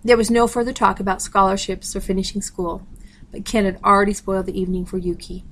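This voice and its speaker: A woman's voice: medium pitch, flat delivery, quick pace, fairly bright tone, poor audio. A woman steadily reading a novel aloud, announcing page numbers. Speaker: audiobook reader.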